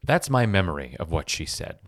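A man from Los Angeles telling a personal story in an animated, self-mocking way, swearing freely. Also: low-pitched, a little fast, no echo, studio quality.

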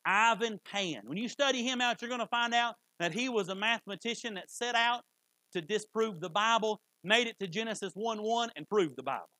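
A man's voice: high voice, brisk, bright, forceful tone, no room sound, low-quality recording. A man preaching a sermon, fervent and emphatic, repeating key phrases for weight. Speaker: pastor.

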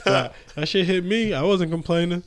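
A man's voice: high-pitched, normal speed. A man in casual chat, joking crudely and laughing along. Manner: laughing, crude, jokey interjections.

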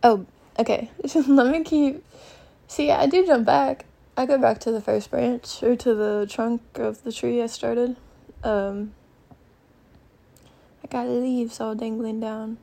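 A woman's voice: on the high side, fairly even intonation, takes it slowly, gravelly, mellow. A young woman hosting a podcast, chatting in a meandering way and thinking aloud, with lots of fillers, from a bedroom at her mother's house. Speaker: podcast host. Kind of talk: rambling solo podcast chat.

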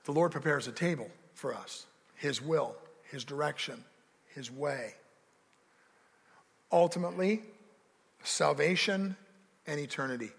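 A man's voice: on the high side, measured pace, vocal fry, long pauses, husky, big-room sound. A man preaching a sermon as pastor, with rising emphasis and dramatic quoted voices, recorded in a church sanctuary.

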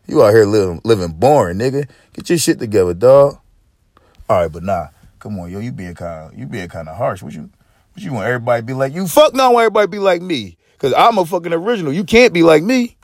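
A man's voice: mid-range voice, animated, fast, dry recording, studio quality. A man hosting a podcast, ranting in casual slang with lots of swearing and stop-start restarts. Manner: profane, rambling, with frequent restarts; preachy street-slang delivery. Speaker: podcast host.

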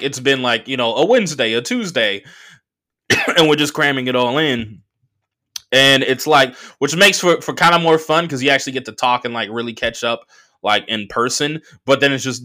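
A man from the Bay Area hosting a solo podcast, telling stories in a loose, profane, animated way and laughing often. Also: medium pitch. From San Francisco Bay Area. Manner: animated, profane storytelling with mocking voices and laughs. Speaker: podcast host. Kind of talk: casual solo podcast monologue, storytelling.

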